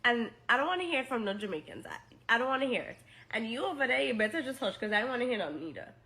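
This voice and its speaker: A woman's voice: fairly high pitch, sing-song, fast talker, pushed and bright. A woman from the Caribbean ranting casually to camera, exasperated and bossy.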